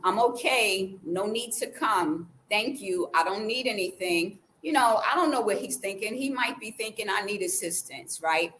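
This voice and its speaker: A woman vlogger telling a personal story in a casual way, acting out the quoted dialogue with lively changes of voice. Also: mid-range voice, a little hiss or hum, low-quality recording. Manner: animated, acts out the quoted dialogue.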